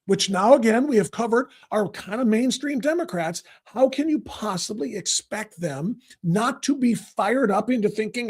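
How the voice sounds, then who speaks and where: A male talk show host in full rant, firing off angry political commentary. He mocks and sneers, and often lifts into a shout. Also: sits high, expressive, normal speed, hardly any pauses. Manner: ranting, angry, bursts into shouting; sarcastic, mocking.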